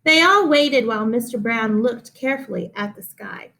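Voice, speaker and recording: A woman reading a picture book aloud to children, slow and expressive, stopping to explain. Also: a little high.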